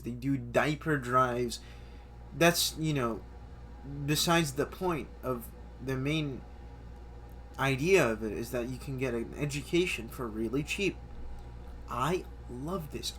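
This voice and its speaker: A man in his twenties chatting through a list of things he loves, enthusiastic and stumbling over repeated words. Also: medium pitch. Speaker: vlogger. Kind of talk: casual chatty list commentary.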